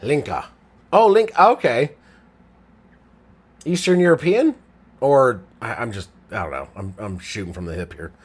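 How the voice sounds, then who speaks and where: Tipsy man calling football with excitement. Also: unhurried, long pauses, slightly rough. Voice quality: strained throat. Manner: swings from low mumbling to loud excited shouting. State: tipsy, drinking. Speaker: livestream sports commentator. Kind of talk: casual live play-by-play with chat reading.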